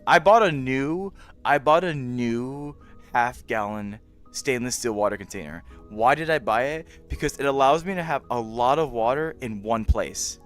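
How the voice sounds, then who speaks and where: A man's voice: normal speed, fairly bright tone, clear, resonant tone, soft background music. A young man casually chatting on a live stream, greeting viewers by name in a friendly, playful way. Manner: friendly, greets chat by name, playful meowing in a high squeak.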